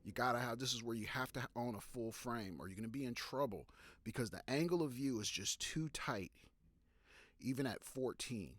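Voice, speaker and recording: A man's voice: mid-range voice, normal speed, fairly bright tone, dry recording. A man giving photography tips on a live stream, talking loosely with fillers and restarts and stopping to answer viewer questions. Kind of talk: casual live-stream talk.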